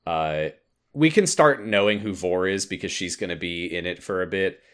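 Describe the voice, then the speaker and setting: A young man co-hosting a casual chat, retelling a game's story with lively jumps into voices and frequent laughs. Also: low voice, normal speed. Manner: animated, jumps into voices for quoted lines, laughs often. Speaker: podcast co-host recapping a game story.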